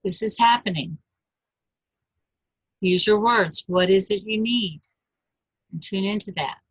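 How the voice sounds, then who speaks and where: A woman in her fifties, a life coach giving a webinar, earnest and gentle, speaking straight to her listeners. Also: mid-range voice, unhurried, slightly rough, dry recording, poor audio.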